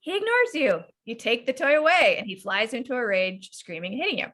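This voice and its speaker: A woman parenting coach leading an online workshop over a video call, animated and often acting out what parents and children say. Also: fairly high pitch, brisk. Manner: animated, frequently acts out parent and child lines.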